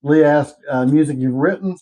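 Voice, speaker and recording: A man's voice: fairly high pitch, normal speed, dark tone, rough recording. A man hosting a casual show, chatting and reading viewer comments aloud, laughing easily. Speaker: host.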